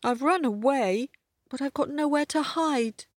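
A woman's voice: sits high, a little slow, no room sound, studio quality, pitched above the performer's own voice. A woman voicing a sad, self-pitying old female cat in a children's story.

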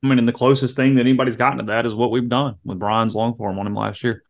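A man's voice: medium pitch, flat delivery, creaky. A man co-hosting a sports podcast, talking casually and leaning on filler phrases. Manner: rapid, conversational, lots of "I mean". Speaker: podcast co-host.

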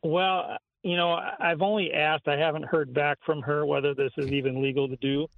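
A man's voice: on the high side, fairly even intonation, moderate pace, vocal fry, dry recording, narrow, tinny audio. A man calling in to a radio show, chatting casually and joking in a hesitant way. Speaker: radio show guest by phone. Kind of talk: casual chat.

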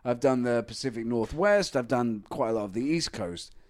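A man from England with a London accent, co-hosting a casual chat, jokey and quick to jump in. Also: medium pitch, lively intonation, darkish tone. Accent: London English.

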